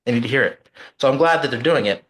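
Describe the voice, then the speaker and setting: A man's voice: mid-range voice, fast, a bit bright. A man co-hosting a casual political talk show, ranting angrily and swearing freely. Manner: angry, profane ranting. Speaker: podcast co-host.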